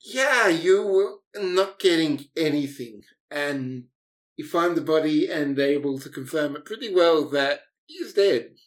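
A game master narrating a tabletop game, hesitant, with many fillers and pauses. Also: medium pitch, lively intonation.

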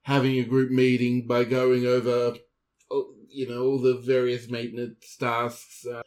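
A man playing a tabletop game, quietly and hesitantly describing a scene. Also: mid-range voice, completely flat delivery, measured pace. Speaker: player.

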